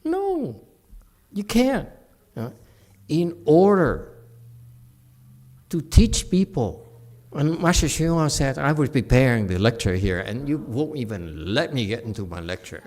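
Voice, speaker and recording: A middle-aged man giving a dharma talk with questions and answers, animated, laughing and acting out quoted voices. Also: medium pitch, measured pace, long pauses. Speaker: meditation teacher.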